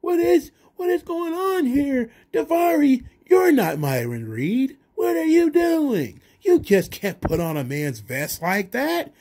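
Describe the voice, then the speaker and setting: A man's voice: extremely high pitch, big pitch swings, slow pace, hardly any pauses, darkish tone, voice pushed up, full character voice. A man voicing an outraged male wrestling commentator with a forced, scandalized, repetitive delivery.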